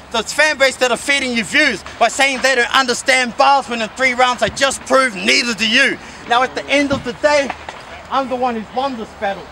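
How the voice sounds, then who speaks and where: A man's voice: extremely high pitch, pushed and bright, a little hiss or hum. A young man spitting an aggressive, mocking battle rap verse outdoors by a skate park. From New Zealand. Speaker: battle rapper.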